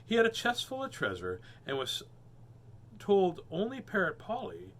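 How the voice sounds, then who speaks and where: A man hosting a storybook reading, animated and cracking puns between pages. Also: high-pitched, normal speed. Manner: animated, punning and joking. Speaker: host reading children's books. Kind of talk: storybook read-aloud with joking asides.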